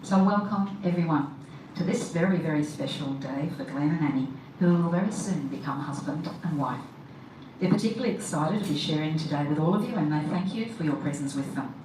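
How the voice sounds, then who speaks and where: A woman leads a wedding ceremony, talking to the gathered guests in a chatty, upbeat way. Her voice sits a little low, and it comes from some distance off. The sound is heavily echoey, with clear background noise. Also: fairly quick. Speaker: wedding celebrant.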